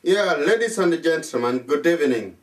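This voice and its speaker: A formal, pedantic academic, acted by a man in a comedy sketch. His voice sits slightly high. He sounds far from the mic. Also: expressive, moderate pace, lightly acted. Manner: formal, correcting. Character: fussy, pedantic male English professor.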